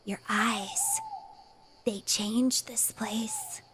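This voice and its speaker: A woman voicing a creepy, eerily calm little boy in a breathy whispered role-play. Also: a little high, extremely slow, background noise, pitched below the performer's own voice. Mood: eerie.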